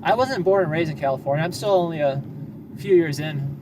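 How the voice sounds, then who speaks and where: A live-streaming news chaser from Wisconsin talks to his viewers from a parked car, rambling casually in a Wisconsin accent. His voice is a little high and brisk, and he comes across as talkative and self-deprecating. There's some background noise.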